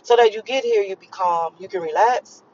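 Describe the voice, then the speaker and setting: A woman from Miami in her thirties vents to camera as a vlogger, emphatic and foul-mouthed, saying things twice to make them stick. Her mid-range voice has a darkish tone and moves at normal speed, and the recording is slightly lo-fi.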